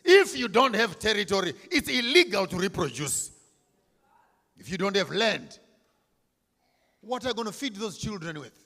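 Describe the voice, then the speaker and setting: At a commemorative event, a man gives a fiery, declamatory speech, repeating key lines for emphasis and swinging from near-whispers to shouts. His high voice is bright, forceful and sing-song, at a moderate pace with long pauses. The long reverb of a large hall surrounds him.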